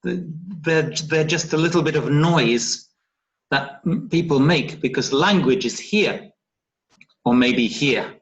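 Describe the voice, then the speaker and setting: This English teacher speaks slowly and expressively in a fairly high voice while leading an online phonetics lesson. Patient throughout, he checks understanding with a frequent "yeah?", and the video call audio is dull and lo-fi.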